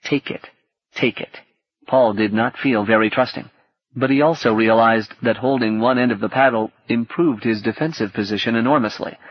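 A man narrating an audiobook in a calm, steady reading manner. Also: mid-range voice, dry recording. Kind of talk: scripted narration. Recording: dull, dry cassette audiobook.

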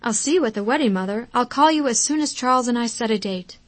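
A woman's voice: a little high, expressive, quick pace, no room sound, pitched above the performer's own voice, lightly acted. A woman voicing a happy, newly engaged young daughter who talks eagerly and chats on the phone in an audiobook. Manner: eager and chatty. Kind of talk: audiobook character reading.

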